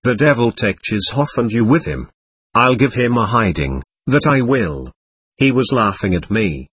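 A man voicing an angry, scolding market woman in an audiobook, with a slightly husky voice. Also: mid-range voice, animated, unhurried, fairly bright tone, no echo. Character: loud, spiteful market woman.

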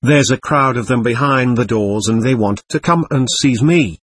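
A man voicing an excitable, capricious teenage girl, talking intensely and darting between teasing and pleading. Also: medium pitch, normal speed, breathy edge, no room sound, natural voice. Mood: feverish.

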